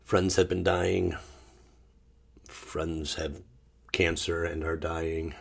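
A man hosting his own podcast, talking in a rambling, emotional way and feeling low, often restarting and sometimes bursting out loudly. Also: flat delivery, very slow, vocal fry, slightly rough. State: low and sad. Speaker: podcast host. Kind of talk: casual solo monologue.

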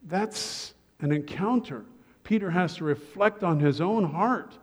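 A male pastor giving a sermon to his congregation, relaxed and joking in asides. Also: sits high, a little slow, husky, big-room sound. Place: church sanctuary.

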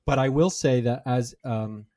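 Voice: medium pitch, measured pace, dark tone. A podcast co-host in casual chat, rambling along and ending thoughts with "right?".

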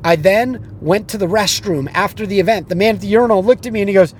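Give me a blunt man coaching on sales, with a lively storytelling manner and a slightly high voice. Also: fast talker, slight background noise. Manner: animated storyteller who acts out the people he quotes; blunt and profane. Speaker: business coach.

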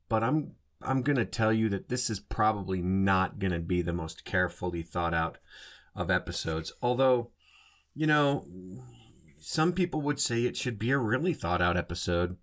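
A man hosting a solo podcast in a casual monologue, rambling and often stopping to rephrase and correct himself. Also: on the low side. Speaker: podcast host.

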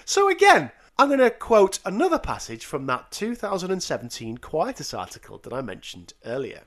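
An animated man co-hosts a casual music podcast, his voice sitting a little high and swooping widely. He laughs often and drops sarcastic asides into the quotes he reads aloud. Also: normal speed. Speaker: podcast co-host.

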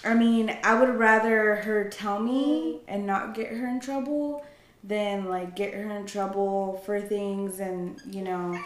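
A young woman hosting a podcast in casual chat, animated, laughing often and filling her talk with "like" and "you know.". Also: mid-range voice, slow pace, echoey room. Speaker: podcast host.

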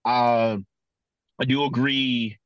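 A podcast co-host chatting casually. He is a man with a mid-range voice who speaks very slowly and haltingly, with many fillers. His audio sounds dull and dry, with no room sound. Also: mid-range voice, flat delivery, dry recording. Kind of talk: casual chat.

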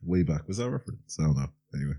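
A man's voice: extremely low pitch, animated, very fast, mellow, husky. A young man bantering and teasing his friends in casual chat.

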